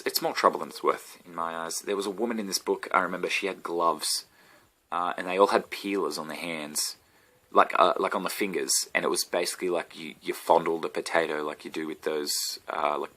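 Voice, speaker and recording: A man's voice: sits low, sharp tone. Rambling, profane Australian man. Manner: profane, rambling, self-mocking. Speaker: comedian vlogger. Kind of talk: rambling comic monologue.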